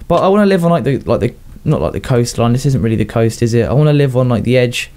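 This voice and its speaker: A young man with a Southern English accent talks his way through a game in loose, rambling commentary. His voice is mellow and warm, sitting at an ordinary pitch, and he often chuckles at his own asides. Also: expressive, quick pace. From southern England. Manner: rambling, self-chatting, laughs at his own jokes. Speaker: gaming YouTuber. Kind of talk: casual Minecraft commentary.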